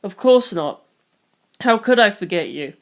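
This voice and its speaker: A reader voicing a gentle but firm middle-aged mother, speaking calmly and softly as she reassures. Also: mid-range voice, measured pace. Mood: tender. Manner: calm, soft-spoken, reassuring. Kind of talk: storybook reading.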